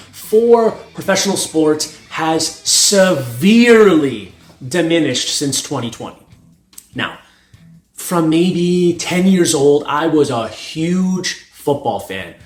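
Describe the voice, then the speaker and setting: A man's voice: on the high side, expressive, slow pace. A young North American man, a strength coach, giving a blunt, profane opinion monologue and laughing at his own points. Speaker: strength coach and channel host. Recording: echoey room with faint music.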